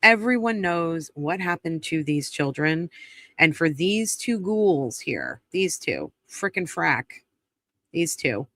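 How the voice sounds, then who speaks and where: A woman's voice: low voice, sing-song, slow pace, fairly bright tone, no echo. A woman hosting a trial recap, talking bluntly and indignantly in casual commentary and swearing freely.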